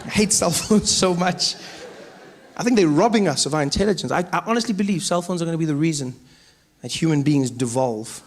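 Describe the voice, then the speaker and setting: A man, doing lively stand-up comedy on a stage before a live audience. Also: on the high side, fairly quick, a little hiss or hum. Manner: animated storytelling with acted-out voices.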